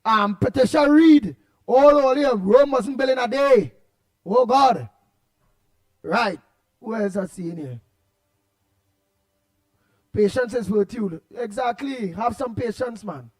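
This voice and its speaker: A man's voice: very high-pitched, lively intonation, takes it slowly, pauses often. A man with a Trinidadian accent hosting a radio show, chatting casually and reading out listener comments with laughs and repeated words.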